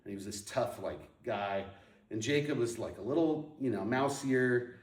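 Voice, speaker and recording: A man with a medium-pitched voice speaks at a moderate pace, recorded on a distant mic in a roomy hall. He's sharing his personal testimony in an animated storytelling way, full of ums and restarts, recalling how he moved to Portland in the nineties.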